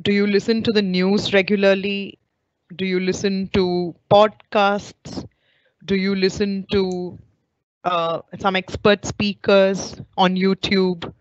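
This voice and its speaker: A woman teacher trainer giving an online webinar lecture, explaining clearly and putting questions to her audience over a video call. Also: mid-range voice, flat delivery, takes it slowly, no echo. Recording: dull lo-fi online call audio.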